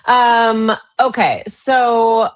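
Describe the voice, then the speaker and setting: A woman's voice: on the high side, fairly even intonation, extremely slow. A woman with a Minnesota accent, co-hosting a casual political chat with wry, sarcastic asides. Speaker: guest co-host.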